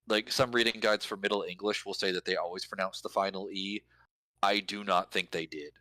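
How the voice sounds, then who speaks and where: A man with a very low, bright and forceful voice explains points at length in a casual chat, pausing on fillers while he thinks aloud. His intonation is fairly even, and the sound is dry and close with no room echo; he helps people with lyrics and language.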